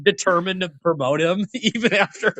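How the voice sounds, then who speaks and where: A man's voice: high voice, normal speed, pushed and bright, dry recording. A man co-hosting a podcast, chatting casually about a movie with lots of filler words. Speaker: podcast co-host.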